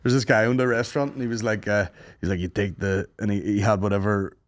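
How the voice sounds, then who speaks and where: A man's voice: lowish voice, quick pace. A man co-hosting a podcast, telling stories in sweary, laughing casual chat. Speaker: podcast co-host.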